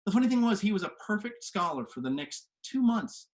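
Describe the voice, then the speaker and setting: A man telling a story to the camera from his home kitchen, animated and swinging from hushed to loud. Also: sits high, a little fast. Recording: echoey kitchen room.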